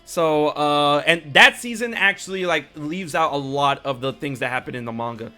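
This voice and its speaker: Guy hosting a podcast, high bright voice, tells stories animated and cussing, music faint behind. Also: moderate pace. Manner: animated storyteller, acts out characters, swears freely. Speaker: podcast host. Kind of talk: casual chat, retelling anime scenes.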